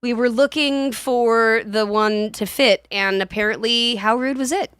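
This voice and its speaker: A woman in her forties co-hosting a podcast, chatting casually and reminiscing with many halting restarts. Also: fairly high pitch, a bit bright, clean tone, no echo. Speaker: podcast co-host. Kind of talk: casual chat.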